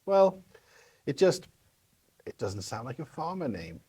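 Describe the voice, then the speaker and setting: A man's voice: mid-range voice, big pitch swings, unhurried, warm tone, slightly rough, exaggerated voice. A man voicing a talking male viper with a British accent in a radio play, wry and teasing.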